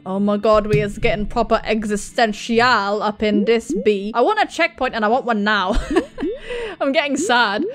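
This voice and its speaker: A woman hosting a let's-play video, excitable, yelping, swearing and laughing at her own failures as she plays. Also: on the high side, slow, soft background music. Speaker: gaming video host.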